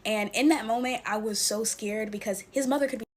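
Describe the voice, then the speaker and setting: Here a twentysomething TikTok storyteller's high-leaning voice moves briskly as she fiddles with slime and chats through a casual story. Fillers are everywhere, and she speaks to her audience as "y'all."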